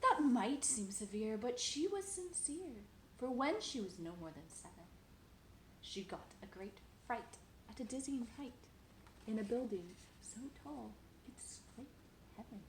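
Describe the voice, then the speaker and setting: A woman's voice: on the high side, expressive, a little slow, reverberant, a little hiss or hum, poor audio. A woman reading a children's picture book aloud at home, sing-song and playful, talking to a toddler between pages.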